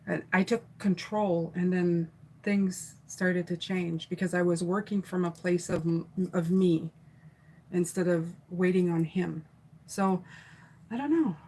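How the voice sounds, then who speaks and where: A middle-aged woman tarot reader runs a live stream reading, chatting loosely and reading out viewer comments with fillers and restarts. Her voice is on the low side, measured in pace, and darkish in tone, in a low-quality recording with slight background noise.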